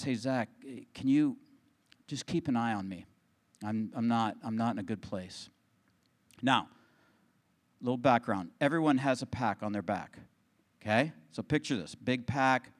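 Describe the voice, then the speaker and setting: A middle-aged man, a pastor, telling a personal story in a sermon, swinging from hushed, quiet passages to excited bursts. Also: on the high side.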